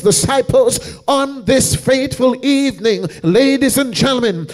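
A man with a very high voice preaches a revival sermon in a church, with faint music behind him. He keeps calling out to the congregation in a rhythmic cadence. His delivery rises from hushed storytelling to shouted, almost sung climaxes. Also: a little slow, few pauses. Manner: rhythmic preaching with repeated call-outs to the congregation. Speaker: evangelist.

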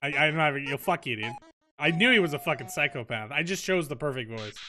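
A man's voice: a little high, lively intonation, quick pace, sharp tone, a little hiss or hum. Swearing young man playing a game. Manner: casual, swearing, jumpy reactions. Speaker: streamer. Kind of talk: let's play commentary. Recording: game music behind.

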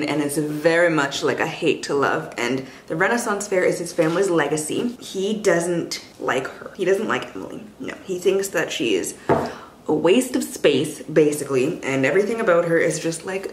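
A young Canadian woman vlogs about books at home indoors, chatty and casually swearing, cooing at her pets in between. Her voice is on the low side and expressive, at normal speed. The recording has roomy echo and a little hiss or hum.

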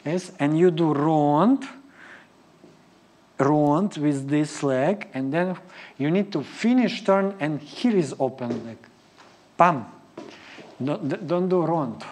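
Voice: mid-range voice, a little mellow, a little hiss or hum. A ballet teacher leading a live class, counting and scatting rhythms in choppy English. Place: ballet studio. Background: piano music.

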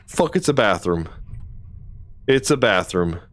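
A streamer talks through a horror game live, with lots of cursing and startled outbursts. The voice swings widely up and down while the delivery stays slow and drawn out. It sounds like a close desk microphone. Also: low-pitched, lively intonation. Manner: swearing, jumpy reactions, thinking aloud. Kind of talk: live gameplay commentary.

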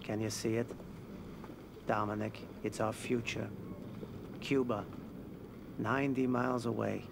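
An actor playing a shrewd, aging male mob financier who speaks calmly and persuasively in a video game cutscene. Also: on the low side, a little slow, vocal fry, pauses often. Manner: calm, persuasive. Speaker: mob boss. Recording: game audio with noisy background.

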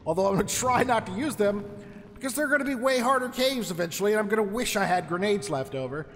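A man's voice: high voice, animated, quick pace, fairly bright tone, in a large hall, a little hiss or hum. A man commentating his own survival game playthrough in a chatty, joking way, talking to the enemies as he fights them. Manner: chatty, jokey, talks to enemies. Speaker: gameplay commentator. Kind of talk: let's play commentary.

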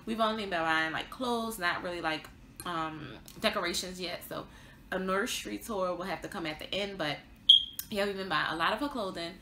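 A woman's voice: fairly low pitch, moderate pace, roomy sound, background noise. A pregnant young woman vlogging a casual update, chatty and rambling with lots of fillers and little laughs. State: pregnant, tired.

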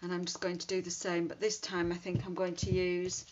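A woman's voice: fairly low pitch, completely flat delivery, brisk. A woman chatting casually while demonstrating card making, thinking aloud as she works. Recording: dull lo-fi sound with faint hiss.

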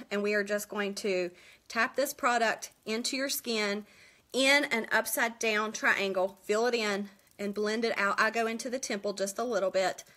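Bright, bubbly woman hosting a makeup live stream. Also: medium pitch. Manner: bubbly, quick, greets viewers by name and laughs often. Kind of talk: chatty live makeup tutorial. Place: at home indoors.

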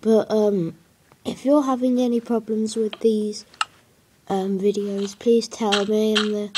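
A woman's voice: medium pitch, fairly even intonation, measured pace, warm tone, slight background noise. A woman giving casual gameplay commentary, hesitant and rambling with many fillers. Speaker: gaming video creator.

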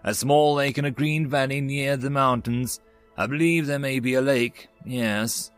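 A man's voice: mid-range voice, steady tone, a little slow, smooth, faint music behind, lightly acted. A man voicing a giant beaked alien ex-soldier who speaks in curt, formal, commanding sentences. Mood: cold.

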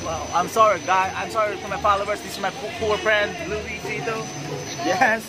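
A man with a Filipino accent vlogging in broken English, joking and excitable, mixing in Tagalog slips. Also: sits high, normal speed, background noise. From Philippines. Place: outdoor amusement fair. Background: loud music.

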